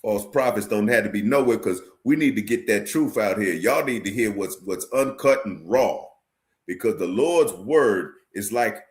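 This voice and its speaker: A man preaching to his online viewers, forcefully repeating phrases, quoting scripture and checking "you understand?". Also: on the low side. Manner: addresses viewers directly, asks "you understand?". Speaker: street preacher teaching a class. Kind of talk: livestream sermon.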